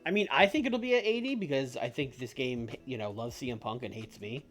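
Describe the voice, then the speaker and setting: A man's voice: medium pitch, expressive, a little fast, a bit bright. A man chatting casually while playing a wrestling sim game with a friend, dry and teasing, breaking into laughter. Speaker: co-host of a game stream. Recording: faint music behind.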